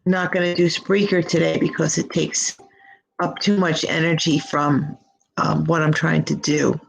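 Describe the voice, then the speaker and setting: A woman as a slow, gravelly live-stream tarot reader, gushing and affectionate. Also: sits low, level tone, a little hiss or hum, low-quality recording. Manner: gushing, affectionate, drawn-out words. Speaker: psychic reader.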